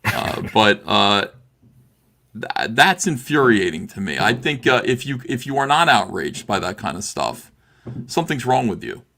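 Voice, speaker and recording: A man's voice: on the low side, big pitch swings, a little slow, gravelly, bright, forceful tone. A middle-aged man on a video call, speaking with impassioned heat, full of restarts and "uh"s. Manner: impassioned, repetitive, restarts with many "uh"s. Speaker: livestream guest. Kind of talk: heated livestream talk.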